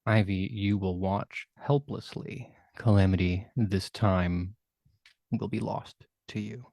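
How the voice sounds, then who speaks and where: Low gravelly man narrating a game. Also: steady tone, no room sound. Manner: vivid, measured storytelling with hushed dramatic turns. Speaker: game master. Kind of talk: dramatic tabletop game narration.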